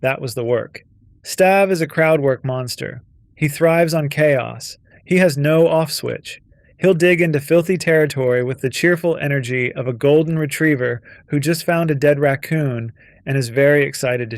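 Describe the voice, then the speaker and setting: A man's voice: on the high side, moderate pace, no room sound. A man narrating a scripted video essay with a punchy, wry delivery.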